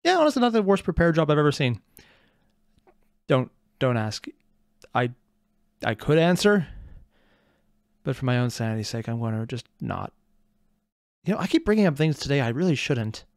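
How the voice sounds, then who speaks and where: A man's voice: mid-range voice, very animated, moderate pace, long pauses, dry recording, studio quality. A man hosting a reaction video, making wry, rambling asides in casual commentary.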